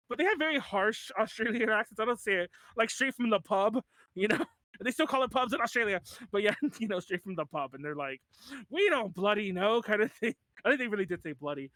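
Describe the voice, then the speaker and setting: A man's voice: very high-pitched, very animated, fast talker, bright, forceful tone, dry recording. A man in his thirties hosting a podcast in casual chat, rambling with lots of "like" and restarts and laughing often. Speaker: podcast host.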